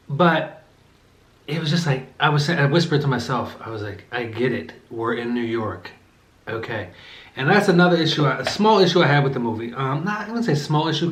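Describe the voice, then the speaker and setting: A man with a fairly high voice talks casually while he eats. He rambles along with lots of ums and restarts. The room around him is echoey. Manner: rambling, with many fillers and self-corrections; eating between remarks. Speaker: vlogger reviewing a movie while eating. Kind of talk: casual chat.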